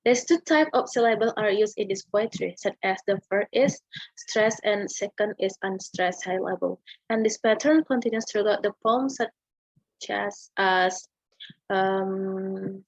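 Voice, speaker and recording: Hesitant Indonesian student, husky and slow. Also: female voice, mid-range voice, dry recording. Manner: hesitant, many fillers and tag questions. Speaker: student presenter. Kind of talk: class presentation explaining a poem. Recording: dull lo-fi home recording.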